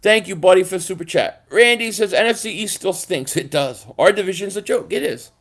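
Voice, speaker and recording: Philly-male fan host, high-pitched, exasperated, stammers through a live rant. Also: lively intonation, normal speed, few pauses. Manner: frustrated, repetitive, stammering restarts. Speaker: sports fan channel host.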